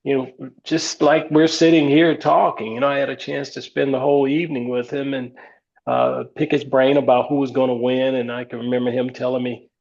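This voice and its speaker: An older man, a retired ballplayer, recounting stories in a relaxed interview, with many fillers. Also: mid-range voice, fairly quick, gravelly. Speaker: retired baseball player, guest. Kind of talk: storytelling interview. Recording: slightly dull lo-fi sound.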